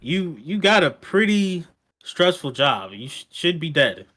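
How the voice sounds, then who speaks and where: A man's voice: on the high side, sing-song, a little slow, bright, forceful tone. A man co-hosting a wrestling podcast, joking bluntly and swearing in casual chat. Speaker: podcast co-host.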